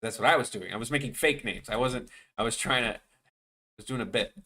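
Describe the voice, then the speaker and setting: A man's voice: medium pitch, fairly quick, bright, forceful tone, breathy edge. A man chatting casually with viewers on his animation live stream, rambling and joking, often trailing off mid-sentence.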